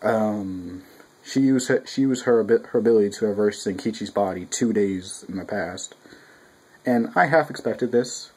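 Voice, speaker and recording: A man's voice: lowish voice, moderate pace, husky, poor audio. A young man reviewing a manga chapter in a casual, rambling, profane way, at home with his cat nearby. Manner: profane, rambling, animated quoting.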